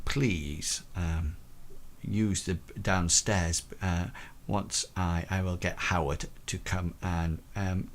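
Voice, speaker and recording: A man's voice: low-pitched, slight background noise. A man playing a stern aristocratic widow in a tabletop game, speaking formally with frequent hesitations. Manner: formal, halting, with many ums.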